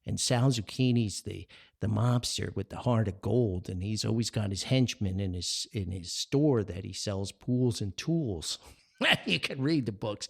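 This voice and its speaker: Gravelly North Jersey storyteller, animated. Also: male voice, medium pitch. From New Jersey. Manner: animated, chuckling, jumps up for quoted voices. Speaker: storyteller and podcast host. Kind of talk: casual anecdotal storytelling.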